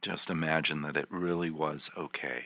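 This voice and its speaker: Guiding a volunteer in a slow imagery session, a deep-voiced healing practitioner offers soft, soothing, repetitive coaching at a moderate pace. There's no room sound, though the teleconference line is dull and lo-fi.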